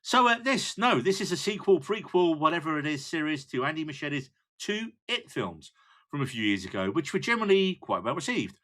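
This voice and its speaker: Podcast host guy, bright voice, jumps all over the place, jokey. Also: on the high side, fairly quick. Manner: animated, jokey. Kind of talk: casual chat.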